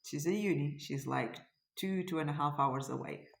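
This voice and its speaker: A woman's voice: low-pitched, normal speed, vocal fry, echoey room. A middle-aged woman from Portugal with a Portuguese accent, telling a story in a casual vlog, hesitant and searching for words. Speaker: cross stitch vlogger.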